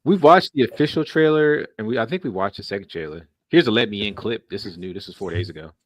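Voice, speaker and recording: Male co-host, low and husky, teasing, casual delivery. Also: lively intonation, fast talker, no echo. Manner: teasing, joking. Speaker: podcast co-host. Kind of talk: casual chat.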